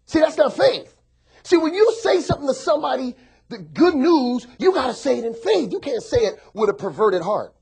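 A male pastor preaching a sermon, joking with the congregation and swinging from soft asides to shouts. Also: very high voice, breathy edge.

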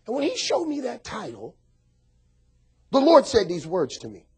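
A man preaches a lively sermon to his congregation, his voice sitting high for a man. He swoops dramatically up and down in pitch and keeps breaking into shouts as he calls out to the room. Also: moderate pace, husky. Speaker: pastor.

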